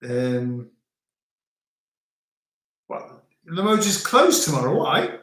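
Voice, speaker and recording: A man's voice: on the high side, sing-song, slow pace, fairly bright tone. Chatty man in an echoey room. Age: middle-aged. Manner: reads out viewer comments, chatty, tries French words. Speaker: livestream host. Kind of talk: casual live chat. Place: home, indoors.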